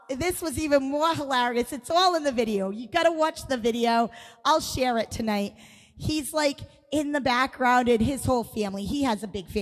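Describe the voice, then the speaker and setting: A woman co-hosting a live music show, telling a family story to viewers in a chatty way, acting out what people said. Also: high voice. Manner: chatty, lots of 'like', acts out quoted voices. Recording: long reverb with music behind.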